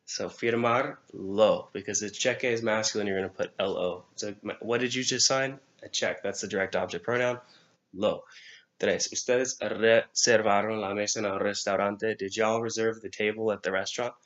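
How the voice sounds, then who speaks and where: A man's voice: lowish voice, fairly even intonation, normal speed, a bit bright, highs cut off. A male Spanish teacher reviewing grammar, asking and answering his own questions step by step. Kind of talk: recorded exam review lesson.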